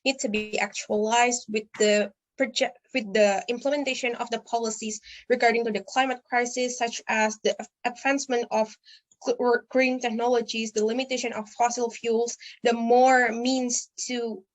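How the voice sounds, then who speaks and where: A woman's voice: a little high, level tone, moderate pace, low-quality recording. Young woman delegate giving a formal speech. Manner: formal, with frequent restarts. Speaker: student delegate.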